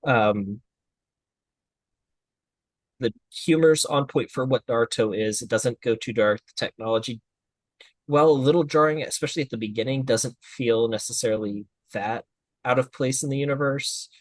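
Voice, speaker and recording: A man's voice: mid-range voice, moderate pace, dry recording. A man co-hosting an anime review podcast, talking casually in a thoughtful, slightly hesitant way. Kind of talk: casual chat.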